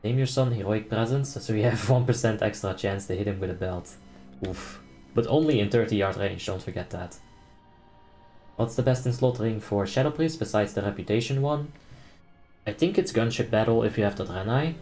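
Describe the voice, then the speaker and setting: Young male streamer, lowish voice, easygoing and joky, from the Netherlands, faint game music behind. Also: moderate pace, a little mellow. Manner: laid-back, joking, reads chat aloud and laughs often. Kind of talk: casual live-stream chat and raid calling.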